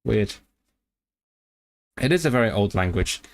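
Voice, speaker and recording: A man chatting casually on a livestream about learning languages, thinking aloud with lots of restarts and quick bursts of excitement. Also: fairly low pitch, vocal fry, a little hiss or hum.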